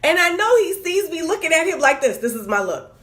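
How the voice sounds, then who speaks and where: A woman's voice: very high-pitched, very animated, a little fast, a bit bright. A woman venting candidly on camera, exasperated and repeating herself with stammered restarts. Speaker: vlogger.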